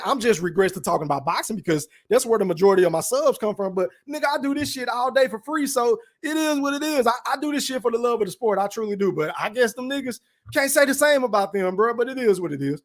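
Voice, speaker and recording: A young man hosting a live stream in casual chat, animated and profane, reading shout-outs from the chat. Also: high-pitched. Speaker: podcast host streaming live.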